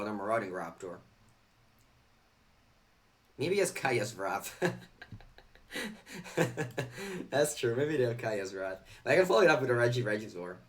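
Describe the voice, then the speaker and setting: A young man talks through a card game on a live stream, chatty and loose. He reads viewer questions aloud and answers them. He is close to the mic. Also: mid-range voice.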